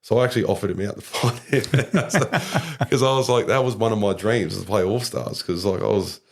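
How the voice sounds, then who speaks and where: A young Australian man tells a story in a casual podcast chat. His voice sits very low and carries a gravelly fry. He rambles from thought to thought and leans on fillers. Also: normal speed. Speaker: podcast guest, rugby league player.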